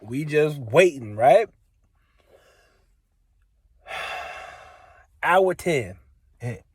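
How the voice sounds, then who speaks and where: Young man, slightly high voice, dry close sound, casual venting story. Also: animated, extremely slow, slightly rough, no room sound. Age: young adult. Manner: exasperated, repetitive, emphatic. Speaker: vlogger.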